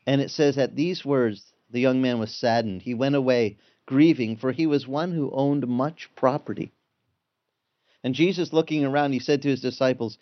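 A man preaching a sermon, conversational and animated, acting out the voices of people in the story. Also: mid-range voice, normal speed, highs cut off. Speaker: pastor.

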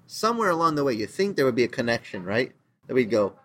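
A man preaching a sermon, telling Bible stories with lively acted-out voices for the characters. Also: quick pace. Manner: animated storytelling, acting out biblical characters in pitched-up voices. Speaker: pastor.

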